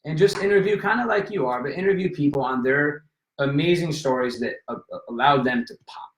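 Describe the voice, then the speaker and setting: A man in casual conversation telling a story with lively energy, acting out the people in it. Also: on the high side, brisk. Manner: animated, acts out voices in anecdotes. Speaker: podcast guest. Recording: roomy echo.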